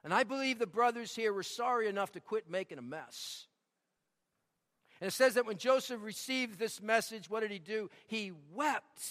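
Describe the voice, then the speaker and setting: Male pastor, high bright voice, emphatic repetition, church hall reverb. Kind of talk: sermon.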